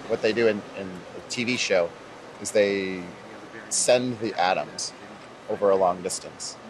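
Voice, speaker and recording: Male researcher, lowish voice, hesitant casual answers, faint hum. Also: measured pace, low-quality recording. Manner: hesitant, repeats words. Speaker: lab researcher.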